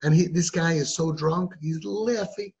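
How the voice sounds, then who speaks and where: High-voiced man telling a dramatic story. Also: a little slow, darkish tone, slightly rough, lo-fi sound. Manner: dramatic, acts out quoted voices. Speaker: parenting podcast host. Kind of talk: animated storytelling to an audience.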